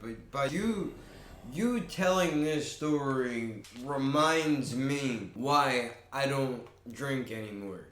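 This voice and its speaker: Man, podcast co-host, mid-pitched voice, relaxed, reflective, echoey room. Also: a little hiss or hum. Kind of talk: casual podcast chat.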